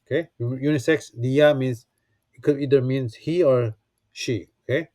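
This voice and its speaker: A man's voice: mid-range voice, fairly even intonation, a little slow, dark tone, dry recording, clean studio sound. A man teaching a beginner language lesson from a textbook, patiently repeating words and checking in with "okay?" after each point. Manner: frequent restarts and fillers while explaining.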